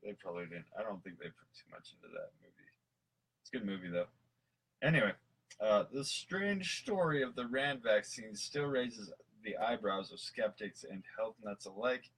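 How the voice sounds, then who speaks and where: A man's voice: lowish voice, animated, normal speed, a bit bright, slightly rough, poor audio. A man co-hosting a casual chat, tipsy, rambling and goofy, reading from a list between jokes. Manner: rambling, goofy, laughs often, swears. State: tipsy from mead. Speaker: podcast co-host.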